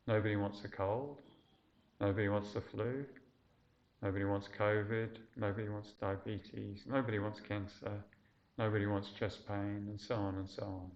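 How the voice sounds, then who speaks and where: Halting low-voiced man giving a talk. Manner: halting, many fillers and restarts. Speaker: dharma teacher. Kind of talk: casual Buddhist lecture. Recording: dull lo-fi lecture recording.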